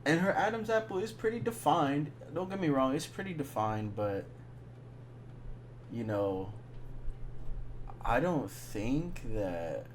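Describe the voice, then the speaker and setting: A young man telling a rambling, slang-filled story in a casual monologue, dropping to a hush when he quotes his friend. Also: mid-range voice, expressive, slow, pauses often, a little hiss or hum. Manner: slangy, rambling, drops to hushed tones when quoting.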